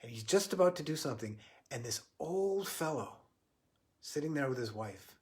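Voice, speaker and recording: A man giving a livestreamed spiritual talk, earnest and halting, often restarting his sentences. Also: fairly high pitch, expressive. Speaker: spiritual teacher.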